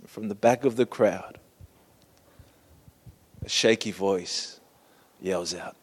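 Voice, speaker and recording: A man preaching a sermon, painting a vivid scene slowly and inviting listeners to imagine it. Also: low-pitched, slightly rough, in a large hall. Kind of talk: storytelling sermon.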